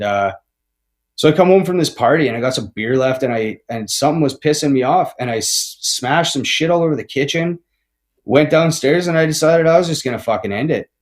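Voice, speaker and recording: A man in his forties, a podcast guest telling his recovery story candidly, swearing a lot, tagging lines with "right?" and "man" and restarting often. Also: mid-range voice. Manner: rambling with frequent restarts.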